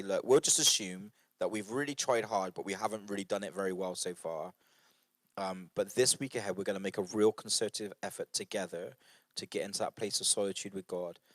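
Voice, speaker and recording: An earnest man with a lowish voice leads a church study group. He talks in a loose, conversational way, repeating himself and using fillers. The sound is dry and close. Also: fairly bright tone, no room sound. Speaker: church leader guiding a book study group. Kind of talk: informal devotional talk to an online group.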